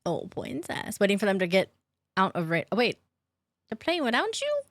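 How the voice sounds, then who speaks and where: A woman's voice: medium pitch, huge pitch swings, brisk, dry recording, studio quality. A woman streaming a game, chatting casually with her viewers, greeting them by name, laughing often and swearing offhandedly. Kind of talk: casual live-stream chat while gaming. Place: her own room at home.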